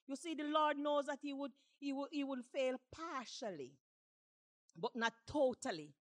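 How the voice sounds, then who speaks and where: A woman preaching a sermon with passion, repeating lines and rising to shouts. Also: high-pitched, measured pace.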